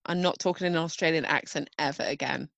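A woman co-hosting a podcast, chatting casually with bubbly animated storytelling and frequent laughter. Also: sits low, fast, creaky, no echo, highs cut off. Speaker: podcast co-host. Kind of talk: casual chat.

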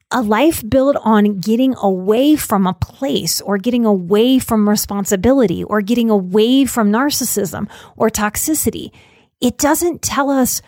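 A woman hosting a self-help podcast, calmly and encouragingly talking through quotes and repeating phrases in lists. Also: on the high side, no echo, studio quality. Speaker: podcast host and mental health speaker.

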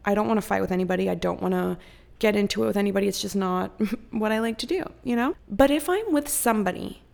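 Profane, animated woman with vocal fry. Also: mid-range voice, fast. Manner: profane and animated, acts out others' voices. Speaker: podcast host. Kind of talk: casual storytelling chat.

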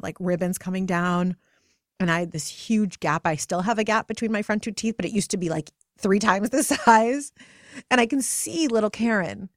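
Woman in her 30s, podcast host, gentle and reflective, dry close sound, mid-range voice. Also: mid-range voice, no room sound. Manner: gentle, slows to soft whispers at tender moments. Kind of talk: guided reflective talk.

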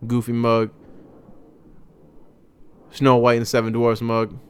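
A young man chats on a podcast, spinning an everyday story. His voice is smooth and resonant at a middle pitch, and he acts out the people he quotes as he goes. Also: takes it slowly. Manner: animated storyteller acting out quotes. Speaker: podcast co-host. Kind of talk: casual storytelling chat.

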